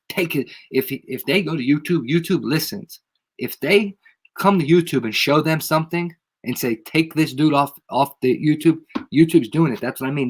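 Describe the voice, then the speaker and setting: His voice is medium-pitched with a breathy edge. A channel host suffering from a head cold, he delivers a casual livestream rant to a live audience, slangy and emphatic, going over his points again and again.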